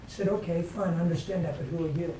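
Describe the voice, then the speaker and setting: Guy preaching, talks kinda high, storytelling sermon, echoey room from far away. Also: steady tone, fast, dark tone. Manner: conversational storytelling preaching, acting out quotes. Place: church meeting room. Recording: echoey room from far off, faint background noise.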